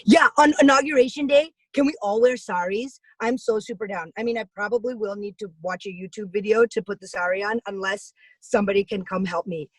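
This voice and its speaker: Young woman, comic monologue, video call, husky tone, dry sound, rambling and excitable. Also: medium pitch, a little fast, hardly any pauses, no echo, rough recording. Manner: excitable, rambling, jokey with animated voice swings. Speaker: comedian guest on video call.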